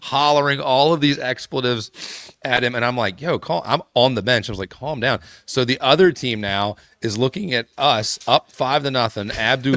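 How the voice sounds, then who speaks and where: A man's voice: mid-range voice, fairly bright tone, no room sound. A man hosting a podcast, telling a long story in casual chat, full of fillers and restarts. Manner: rambling, many fillers and restarts. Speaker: podcast host.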